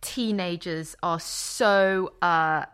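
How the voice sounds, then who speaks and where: A woman's voice: fairly low pitch, drawn-out words, a bit bright, smooth. A middle-aged woman co-hosting a podcast, talking earnestly in casual chat and trailing off into restarts. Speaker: podcast co-host.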